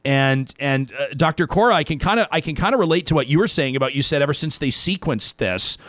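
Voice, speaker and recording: A male talk show host tells a personal story in a reflective way that turns animated. His voice sits a bit high for a man. The sound is dry and close, with no room around it. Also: fast, no echo. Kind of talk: casual talk show conversation.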